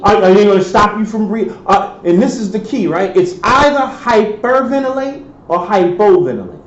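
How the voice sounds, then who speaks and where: High-voiced man lecturing in an echoey hall. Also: animated, normal speed. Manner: quizzing, answers his own questions. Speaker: professor. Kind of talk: classroom lecture with questions to students. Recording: echoey lecture hall, dull sound, faint hiss.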